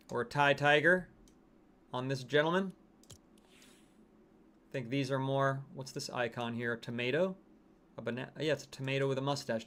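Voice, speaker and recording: Hosting a game livestream, this man keeps things chatty, reacting to game skins and to the chat and reading viewer comments aloud. His pitch is fairly high, with a bit of brightness.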